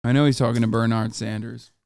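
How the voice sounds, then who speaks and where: A man's voice: medium pitch, steady tone, fast, creaky, darkish tone, clear, resonant tone, dry recording, clean studio sound. A male streamer host giving profane, sardonic reaction commentary to his chat.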